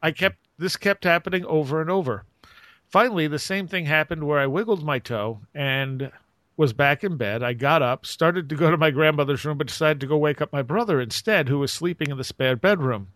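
A man with a slightly raised voice, reading an account aloud at a steady, even pace. The sound is dry and close, with no room around it. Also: on the high side, fairly quick, no echo. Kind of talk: casual discussion and reading aloud.

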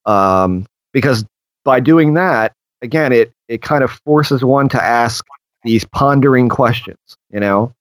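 A man in casual conversation wanders through his thoughts, stopping for fillers and sometimes slipping into quoted voices. His voice sits at an ordinary middle pitch. The recording is dry and close, with no room sound. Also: unhurried, no echo, rough recording. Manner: rambling, filler-heavy, acts out voices in quotes. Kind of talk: conversational discussion of strange experiences.

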